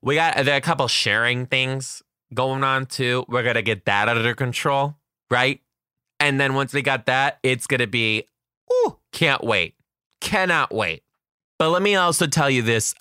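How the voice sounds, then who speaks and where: A man who teaches kindergarten, telling classroom stories in a casual, slangy, animated way. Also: medium pitch, measured pace, clear, resonant tone, no echo, clean studio sound. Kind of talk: casual storytelling vlog.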